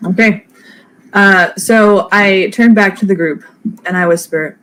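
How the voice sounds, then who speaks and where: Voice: mid-range voice, unhurried, bright, forceful tone. A chatty, giggly player in a tabletop game who asks questions and plans moves. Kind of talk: casual tabletop play.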